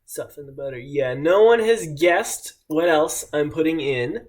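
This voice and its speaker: A man's voice: fairly high pitch, expressive, a little slow. A man chatting casually on a live stream from his home kitchen, joking and laughing often. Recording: echoey room with background noise.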